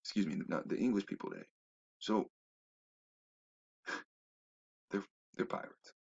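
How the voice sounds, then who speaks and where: A man talking in a rambling, casual monologue that drops to low mutters and jumps to loud exclamations. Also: slow pace, creaky, slightly rough, muffled recording. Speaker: video commentator.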